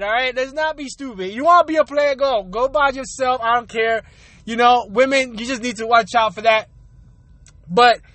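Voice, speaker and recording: A man's voice: extremely high pitch, sharp tone, no room sound. A young man ranting casually and bluntly, swearing and laughing often as he talks. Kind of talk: casual rant.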